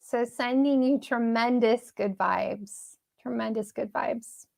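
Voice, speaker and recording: A woman's voice: a little high, slow pace, gravelly, a little mellow. Upbeat woman hosting a live stream. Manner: chatty, upbeat, laughs often, reads chat aloud. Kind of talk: casual live-stream pep talk.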